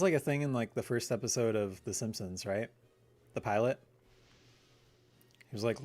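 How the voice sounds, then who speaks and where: A man's voice: fairly low pitch, darkish tone. Chatty man in his thirties streaming. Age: 30s. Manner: rambling, chatty, answers chat questions. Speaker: livestream host. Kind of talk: casual chat on a gaming livestream.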